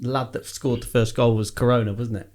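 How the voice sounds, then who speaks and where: A laid-back British man bantering on a casual podcast. His voice is relaxed and conversational, at an ordinary middle pitch. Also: a little fast, a little hiss or hum. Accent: British English. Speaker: podcast co-host. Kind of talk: casual chat.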